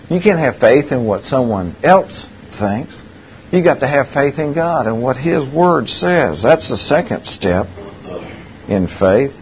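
A man's voice: medium pitch, a little hiss or hum. A man preaching a sermon, telling a story in an earnest way and repeating key phrases. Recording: dull lo-fi recording.

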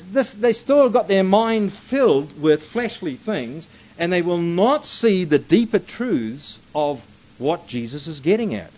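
A man's voice: on the high side, a little mellow. A man teaching a Bible passage verse by verse, reading scripture aloud and breaking in with emphatic asides. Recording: dull lo-fi recording.

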